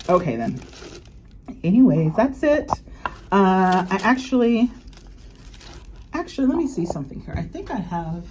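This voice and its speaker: Excitable woman, low-set voice that swings high, casual unboxing chat, faint hiss. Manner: gushing, excitable gasps and exclamations. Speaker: luxury unboxing vlogger.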